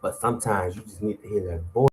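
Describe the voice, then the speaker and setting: A man's voice: lowish voice, fast talker. A middle-aged man, hosting a morning show with preachy, call-and-response motivational talk.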